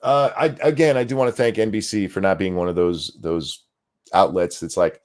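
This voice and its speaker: A man's voice: low voice, normal speed, a little mellow. A man giving a blunt, sarcastic reaction rant, swearing freely while fighting the hiccups. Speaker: political commentary streamer.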